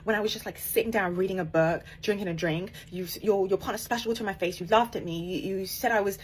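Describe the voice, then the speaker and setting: A woman telling a personal story in a casual, animated way, emphatic and laughing as she goes. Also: mid-range voice, fast, slight background noise. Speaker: author and podcaster.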